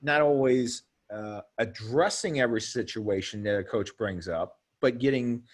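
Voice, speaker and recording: A man's voice: mid-range voice, normal speed. A man, president of an officials association, talking in a rambling, casual way with many repeated words and restarts. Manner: rambling, repeats words, acts out coaches' retorts. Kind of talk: casual discussion.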